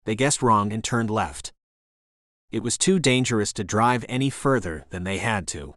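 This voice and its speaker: Steady male audiobook narrator, dry sound. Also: on the low side, no room sound. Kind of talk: scripted thriller narration.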